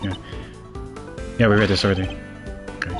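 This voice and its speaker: A man's voice: lowish voice, flat delivery, brisk. A man giving casual gameplay commentary as a streamer, chatty with self-mocking asides. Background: faint game music.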